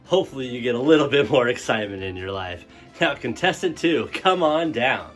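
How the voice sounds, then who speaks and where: A man's voice: medium pitch, animated, brisk, fairly bright tone, faint music behind, lightly acted. A man playing a smug game show host who mocks and exploits his contestants in a showman's announcing manner.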